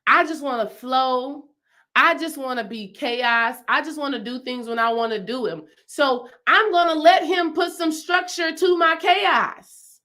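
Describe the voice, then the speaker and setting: A woman with a slightly high voice coaches her viewers on spiritual matters in a loose, conversational way. She leans on repetition to drive points home and keeps checking in with her audience. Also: unhurried, pushed and bright. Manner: emphatic, repeats phrases for stress; chatty, asks the audience questions. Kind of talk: casual spiritual teaching to viewers.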